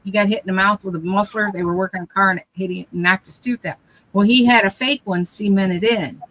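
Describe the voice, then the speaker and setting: The host of a craft live stream, an older woman, keeps up a chatty, rambling flow of family anecdotes with frequent restarts. Her voice is medium-pitched, steady and fairly bright, and she talks quickly over poor audio.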